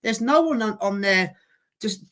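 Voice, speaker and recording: A man co-hosting a casual boxing podcast, chatty and halting, often repeating words as he talks. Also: high-pitched, expressive, sharp tone, slight background noise. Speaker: podcast co-host.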